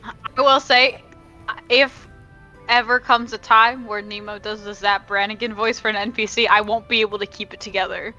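Bright-voiced woman asking questions. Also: medium pitch, fairly even intonation, moderate pace, muffled recording, faint music behind. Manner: asks questions, rambles. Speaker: player. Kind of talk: casual chat.

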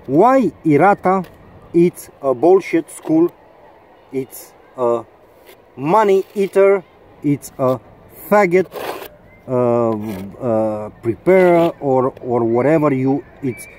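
Slow, sarcastic man ranting in a dark voice. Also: fairly high pitch. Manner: sarcastic, mocking, swears. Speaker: vlogger.

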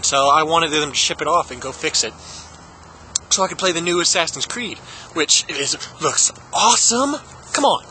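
A man's voice: a little high, bright, forceful tone, slight background noise. A young man vlogging in a goofy, rambling comedic impression style, with lots of silly tangents and giggling. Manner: giggles often.

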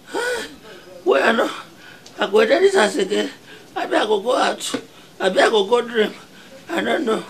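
A man with a Nigerian accent acting in a comedy film, loud, whiny and melodramatic, with light music behind him. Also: very high voice, big pitch swings, moderate pace, pauses often. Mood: wailing. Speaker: comic lead actor. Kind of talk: Nollywood comedy acting in Pidgin.

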